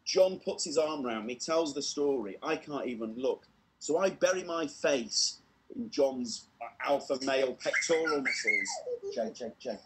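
A British man telling a comedy story on an online show, lively and acting out the voices, laughing at his own tale. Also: a little high, a little slow.

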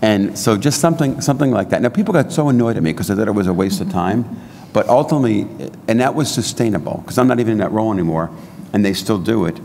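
A man with a lowish, gravelly voice tells a conversational story on a conference panel. His voice echoes through a large hall over a faint background hiss. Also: lively intonation, fast, few pauses, a little mellow. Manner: anecdotal, conversational. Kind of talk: panel discussion. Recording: reverberant hall with faint noise.

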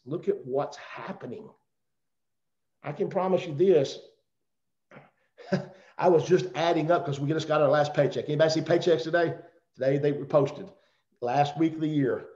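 A man's voice: on the high side, moderate pace, a little mellow. A middle-aged man with a Southern accent giving a rambling, joking motivational talk on a video call. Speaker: guest speaker on a company call. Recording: roomy, dull video call audio.

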